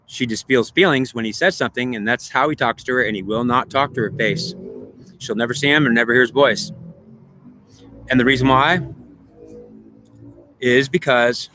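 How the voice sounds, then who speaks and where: A man talks through a long, rambling spiritual monologue, repeating his points and trading questions and answers with himself. His voice is bright and forceful, sitting at an ordinary male pitch. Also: slight background noise. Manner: repetitive, circling back on his own points. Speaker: spiritual speaker.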